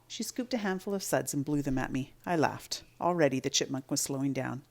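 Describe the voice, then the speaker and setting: A woman teacher reading a children's chapter book aloud with expressive storytelling. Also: very deep voice, brisk, creaky.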